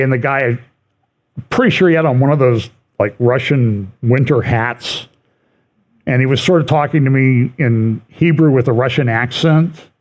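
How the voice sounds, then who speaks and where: A man's voice: medium pitch, a little mellow. A middle-aged man giving a conversational church prophecy update, reading quotations aloud and adding wry asides.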